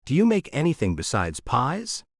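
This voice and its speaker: A man's voice: medium pitch, wildly swooping pitch, moderate pace, dry recording, clean studio sound, pitched above the performer's own voice. A man reading an audiobook, voicing a cheerful, curious young woman. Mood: bright, curious. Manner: bright, eager. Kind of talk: audiobook character voice.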